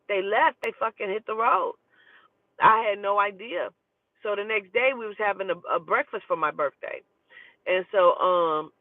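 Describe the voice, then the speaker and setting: A woman telling a personal story in a casual, profane and animated way. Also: medium pitch, dry recording. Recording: tinny phone-like dry recording.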